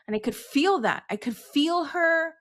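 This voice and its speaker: Candid woman telling a story, slightly high voice. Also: lively intonation, measured pace, a bit bright. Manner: candid storytelling, acting out quoted family dialogue. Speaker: podcast co-host. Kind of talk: casual chat.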